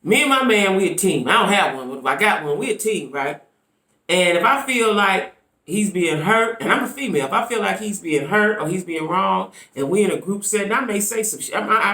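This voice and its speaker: A woman on YouTube chats through her vlog commentary in a lowish, lively, swooping voice, animated and chatty, with frequent "right?" asides to her viewers. A roomy echo surrounds her in the recording.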